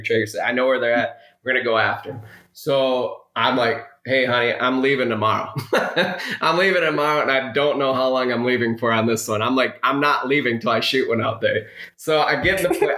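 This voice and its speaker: Podcast guest, male, middle pitch, chatty storyteller, roomy echo. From Minnesota. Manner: rambling, animated anecdote with quoted dialogue. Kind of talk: casual storytelling.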